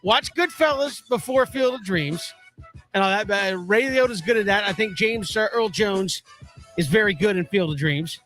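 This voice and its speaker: A man hosting a sports radio show, talking casually and in a relaxed way, then doing the show plugs. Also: sits high, normal speed, soft background music.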